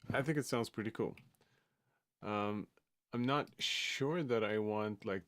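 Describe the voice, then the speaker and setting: Slow, hesitant man. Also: on the low side, clear, resonant tone, no echo. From Sweden. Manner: hesitant, many fillers and restarts. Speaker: music producer and streamer. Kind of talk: casual livestream commentary.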